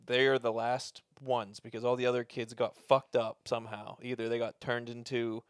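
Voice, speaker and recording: A man's voice: mid-range voice, flat delivery, moderate pace, clear, resonant tone, dry recording, clean studio sound. A man in casual podcast chat, animatedly retelling a film plot with lots of swearing. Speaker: podcast co-host.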